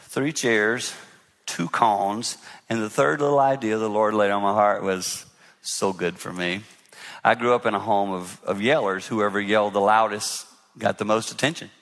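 A man's voice: on the low side, fairly even intonation, moderate pace, fairly bright tone. A man giving an earnest, conversational sermon-style talk on marriage to a live audience in a large hall. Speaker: guest speaker on marriage. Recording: echoey hall reverb.

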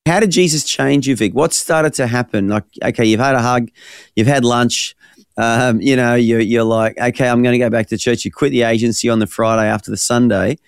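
A man hosting a faith interview, asking questions in a relaxed, conversational way. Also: mid-range voice, a little fast, vocal fry, clean tone, dry recording, clean studio sound. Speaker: interview host.

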